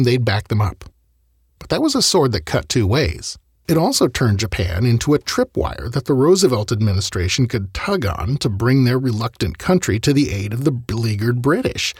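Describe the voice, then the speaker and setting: Gravelly man narrating history. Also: medium pitch, a little mellow, dry recording, studio quality. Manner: wry, conversational asides. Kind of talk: scripted narration.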